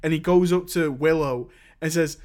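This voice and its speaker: A man co-hosting a relaxed film podcast, laughing easily as he talks. His voice is high for a man. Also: moderate pace. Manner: laughs often, easygoing. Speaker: podcast co-host. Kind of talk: casual film discussion.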